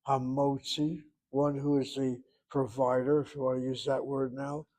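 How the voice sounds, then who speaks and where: Middle-aged male Hebrew teacher, lecturing, mid-pitched voice, stops to hunt for words. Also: level tone, a little mellow. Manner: thinks aloud, pauses to search for terms. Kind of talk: classroom lecture.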